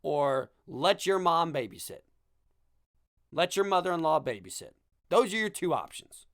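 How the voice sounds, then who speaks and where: A man's voice: on the high side, big pitch swings, moderate pace, fairly bright tone, dry recording, studio quality. A young man hosting a podcast, delivering a sarcastic comedic rant with self-deprecating asides. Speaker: podcast host. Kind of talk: comedic monologue.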